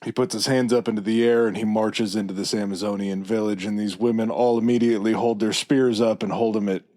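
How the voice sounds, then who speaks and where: Lower-voiced man telling a story slowly. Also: fairly even intonation, warm tone. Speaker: podcast co-host. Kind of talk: casual storytelling chat.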